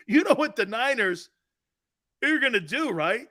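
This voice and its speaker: A man's voice: very high voice, very animated, a little slow, bright, forceful tone. A man hosting a sports talk radio show, brash and emphatic, arguing his points in slangy banter full of "man" and "dude". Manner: argumentative, laughing off callers' views.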